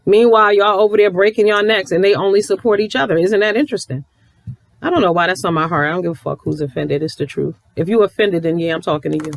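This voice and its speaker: A woman's voice: mid-range voice, fast, gravelly, no room sound. A woman YouTube commentator ranting bluntly to her viewers, swearing freely and talking to them directly. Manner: blunt, profane, sassy, addresses viewers directly.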